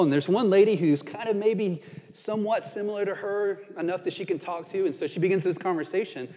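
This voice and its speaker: A man's voice: high-pitched, fairly quick, warm tone, in a large hall. A male pastor giving a sermon, telling a story in an earnest, conversational way.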